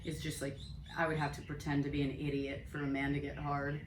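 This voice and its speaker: A woman in her thirties with a fairly low voice, trading blunt, straightforward comic talk on a podcast. The room is echoey, with a faint hiss behind her. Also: monotone, brisk. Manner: blunt, straightforward, laughs often. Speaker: podcast co-host, comedian. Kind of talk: casual comedic chat.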